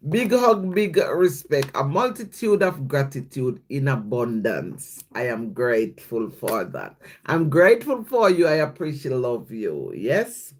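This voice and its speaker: A livestream host speaking in a casual devotional chat, reading scripture and viewer comments aloud and often checking in with "yes?". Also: mid-range voice. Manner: slow, repeats "yes?" after each thought, thanks viewers by name.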